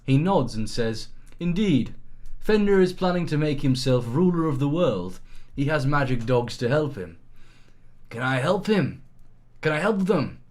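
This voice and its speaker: A man's voice: fairly high pitch, big pitch swings, measured pace, a little mellow. A man reading an interactive story aloud on a live stream, acting out the lines and breaking into laughter.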